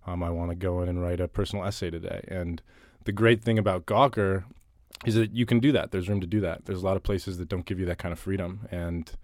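In a relaxed interview, a writer with a very low voice talks fast through his answers, circling back and repeating words while he gathers his thoughts. The recording is close and dry, with no room sound around it.

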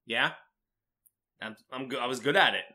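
A man co-hosting a comedy podcast, animated and playful in improvised chat. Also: medium pitch, normal speed. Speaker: podcast co-host.

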